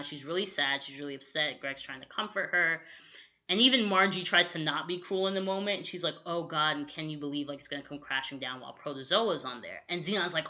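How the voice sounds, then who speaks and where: A young woman co-hosting a podcast, recapping a movie in casual chat and acting out quick quotes, with lots of "like". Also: low-pitched. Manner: animated storytelling with quick acted-out quotes, lots of "like". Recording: dull lo-fi audio.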